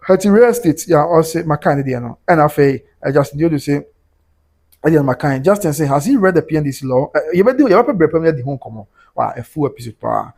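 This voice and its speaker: A Ghanaian man hosting a livestream talks quickly in a somewhat high voice. He jumps between Twi and English as he reads out viewer comments. His delivery is animated throughout. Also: creaky. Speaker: host.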